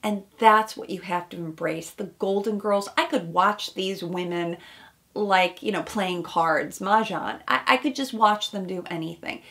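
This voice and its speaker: Woman therapist with a gravelly edge. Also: medium pitch, a little slow. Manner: animated, warm analytical commentary with quoted asides. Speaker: therapist commenting on reality TV. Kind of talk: casual video commentary.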